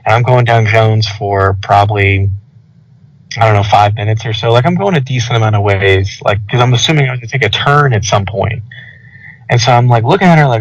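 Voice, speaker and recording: A young man telling a rambling, animated story over casual podcast chat, full of filler words. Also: fairly low pitch, a little fast, no room sound. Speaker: podcast co-host. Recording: dull lo-fi audio.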